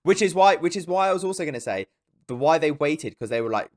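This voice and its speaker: A young man co-hosting a casual film podcast, animated and swearing, often jumping into high mocking voices. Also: fast, dry recording, studio quality. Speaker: podcast co-host. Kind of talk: casual film review chat.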